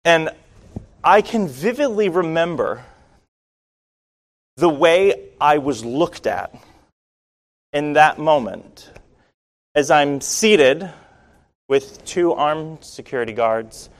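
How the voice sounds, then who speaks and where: A man's voice: fairly high pitch, slow pace, pauses often. Wry man telling a story. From Rhode Island, USA. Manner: wry, self-deprecating, lively storytelling. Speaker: speaker telling a personal story. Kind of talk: storytelling to an audience.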